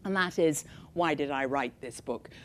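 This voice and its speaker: A woman's voice: deep voice, normal speed. An older woman from England, an author giving a public talk, telling her story in a conversational way with frequent fillers.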